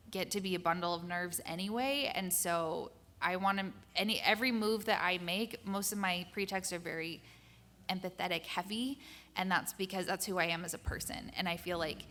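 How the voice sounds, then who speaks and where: A woman speaks earnestly on a conference panel, sharing advice in a loose, chatty way. Her pitch sits in the middle of the range. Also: a bit bright, slight background noise. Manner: earnest, advice-giving with many "like" fillers. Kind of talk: casual panel discussion.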